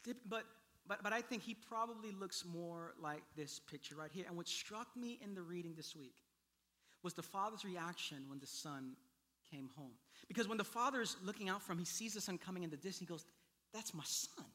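Bright, high-voiced male pastor preaching. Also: fairly quick. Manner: animated, acts out quotes, swings between hushed and loud delivery. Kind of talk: sermon.

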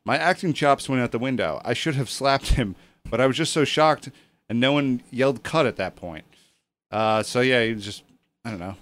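A man's voice: medium pitch, moderate pace, a bit bright. A man hosting a casual podcast chat, rambling and hesitant with lots of ums. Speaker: podcast host.

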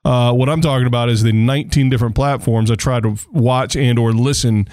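A man's voice: medium pitch, steady tone, fairly quick, a little mellow, no echo, studio quality. A man co-hosting a casual sports podcast, joking and rambling as he talks. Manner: joking, rambling, mimics commentators. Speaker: podcast co-host.

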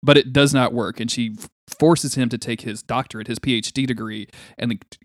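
A man co-hosting a casual comic podcast, jumping in with animated, swearing asides. His voice is middle-pitched. The sound is dry and close. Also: a little fast, no echo. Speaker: podcast co-host. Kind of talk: casual comic book discussion.

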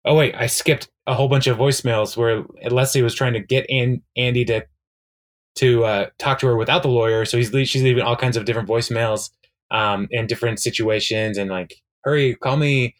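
A man's voice: medium pitch, little pitch movement, fairly quick. A man co-hosting a podcast, casually recapping a TV episode in a rambling way, with lots of fillers and frequent laughs. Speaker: podcast co-host.

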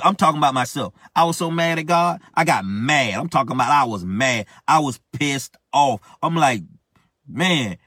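A man's voice: fairly high pitch, fairly bright tone, dry recording, clean studio sound. A man preaching a sermon, urging listeners with impassioned, repetitive exhortation.

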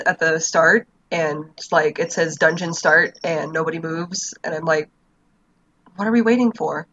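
A woman's voice: low-pitched, bright, forceful tone, a little hiss or hum. A woman casually chatting on a podcast, telling game stories with lots of fillers and laughs. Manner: rambling storyteller, frequent fillers and laughs. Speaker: podcast co-host. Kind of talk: casual chat about a video game. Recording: dull lo-fi sound.

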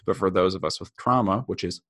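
Low gravelly-voiced man, candid and reflective. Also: fairly quick, a bit bright. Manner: candid, swears freely, reflective. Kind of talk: casual conversation.

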